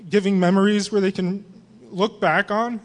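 High-voiced man giving a casual farewell. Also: steady tone, normal speed. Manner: casual and humorous. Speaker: youth group leader. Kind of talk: farewell speech to a congregation.

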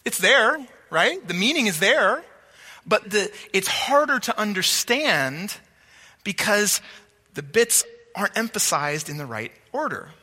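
A man's voice: sits high, expressive, a little slow, sharp tone, long reverb tail. A man preaching a sermon, teaching emphatically and asking rhetorical questions.

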